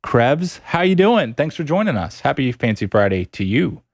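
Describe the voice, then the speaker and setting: A man's voice: medium pitch, sing-song, moderate pace, creaky. A man streaming a video game live, upbeat and playful as he chats with his viewers. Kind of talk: casual live-stream chat while gaming. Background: game music.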